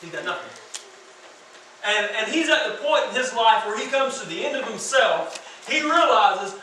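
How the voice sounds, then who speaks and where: A man preaching as a youth pastor in a church hall, animated and asking the crowd questions. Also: high-pitched, moderate pace, a little hiss or hum. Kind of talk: sermon. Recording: echoey hall from far off.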